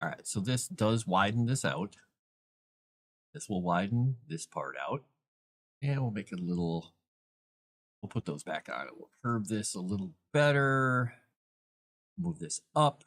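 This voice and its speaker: A man's voice: fairly low pitch, big pitch swings, unhurried, long pauses, fairly bright tone. A man hosting a casual live stream, thinking aloud as he works and chatting to viewers and his cat. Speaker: author and live-stream host.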